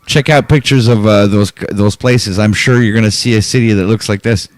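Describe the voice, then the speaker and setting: Smooth-voiced rambling stream host. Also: male voice, fairly low pitch, moderate pace, no room sound. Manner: rambling, hesitant. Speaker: livestream host. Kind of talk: casual live-stream chat.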